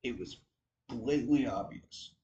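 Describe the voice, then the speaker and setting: A tired, yawning man offers frank, casual football commentary on his own channel, rambling and mocking himself. His voice is medium-pitched and mellow at a moderate pace, and the audio sounds dull.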